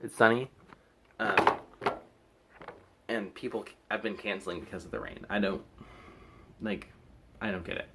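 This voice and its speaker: A man's voice: lowish voice, moderate pace, pauses often, heavy background noise. A young man chatting casually to camera in a rambling, hesitant way, full of fillers and restarts. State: recovering from wisdom teeth removal. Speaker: vlogger.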